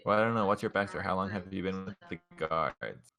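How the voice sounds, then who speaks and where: A man's voice: sits low, brisk, a bit bright. A young man running a tabletop game as game master, loose and chatty, often laughing.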